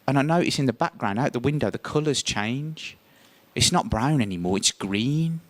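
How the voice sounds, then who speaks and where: A man telling a first-person story on stage, lively and theatrical, his voice rising sharply when he acts out tense moments. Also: medium pitch, moderate pace, no echo. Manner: animated, voice jumps up when acting out scenes.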